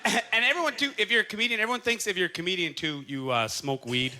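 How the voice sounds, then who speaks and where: A man's voice: sits high, very fast. A Canadian man doing a stand-up comedy set on a club stage, talking animatedly and laughing through his punchlines. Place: comedy club stage before a live audience. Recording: live club set, loud crowd noise. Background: loud audience laughter.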